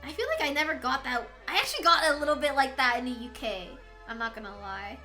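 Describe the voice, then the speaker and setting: A woman's voice: high voice, quick pace, pushed and bright, faint music behind. An American woman chatting casually on a live stream, giggly and rambling, laughing often. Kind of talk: casual chat.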